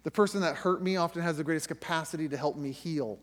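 A man's voice: a little high, fast talker, long reverb tail. A middle-aged man hosting a faith podcast, telling a personal story in a conversational way with frequent restarts. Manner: conversational storytelling with restarts, rising tension when reliving the scare. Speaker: podcast host.

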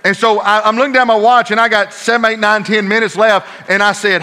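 High, bright-voiced preacher man. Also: fairly even intonation, a little fast. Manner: swings between hushed asides and loud, emphatic preaching. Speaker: pastor. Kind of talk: sermon with personal storytelling.

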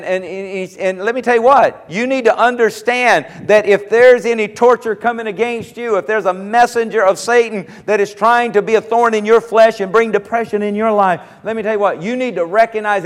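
Man, pastor, sermon, high voice, long hall reverb. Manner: preaching, slows and rises on scripture quotes.

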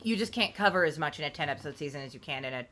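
A woman co-hosting a casual TV recap podcast, talking animatedly, swearing and acting out scenes in quick quoted asides. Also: low-pitched, lively intonation, fairly bright tone, a little hiss or hum. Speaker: podcast co-host.

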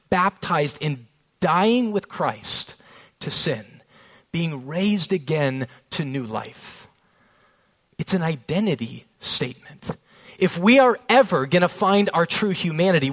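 A man in his thirties preaching a sermon, telling a family story and slowing down on key phrases. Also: fairly high pitch, a bit bright. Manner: storytelling with rising emphasis, slows on key phrases. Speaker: pastor.

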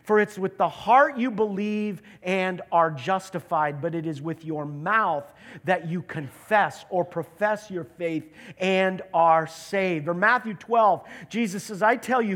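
Male preacher, very high voice, animated sermon, voices the characters in the story. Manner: animated, acts out Bible characters' lines. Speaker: pastor.

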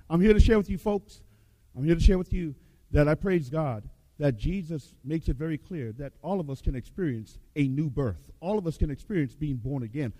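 A man preaching a revival sermon, emphatic, repeating his phrases and swinging between loud and hushed. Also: a little high, animated, fairly quick, no room sound. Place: church hall with baptism tank.

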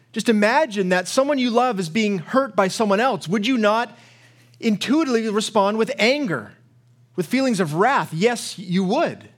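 A male pastor preaching a sermon, telling stories with rising passion and often repeating words as he builds. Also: sits high. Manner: impassioned storytelling, repeats words when worked up.

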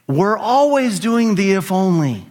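A man's voice: high-pitched, very animated, measured pace, a little mellow. A middle-aged man preaching a sermon as pastor, emphatic, with rhetorical questions and rising emphasis on key phrases.

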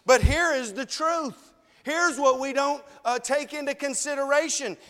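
A high-pitched man preaches to his congregation, earnest and pleading. His voice rings through a church hall with a long reverb tail. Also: measured pace, pushed and bright. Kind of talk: sermon.

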